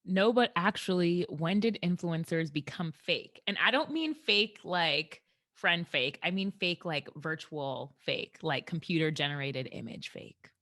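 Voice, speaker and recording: A woman's voice: fairly low pitch, animated, unhurried, fairly bright tone, dry recording, studio quality. A young woman from Brooklyn co-hosting a podcast, chatting casually with a playful, teasing manner. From Brooklyn, New York. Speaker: podcast co-host. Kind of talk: casual chat.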